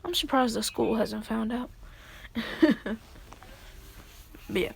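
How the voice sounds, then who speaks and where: A woman's voice: on the high side, animated, slow pace, gravelly, breathy edge. A young woman telling a story casually, rambling with lots of fillers.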